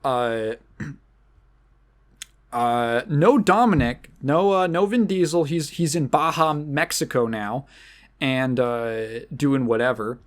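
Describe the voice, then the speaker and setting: Casual podcast host, young, unhurried, loose rambly delivery, mid-pitched voice. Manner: rambling, restarts with fillers. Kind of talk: casual chat.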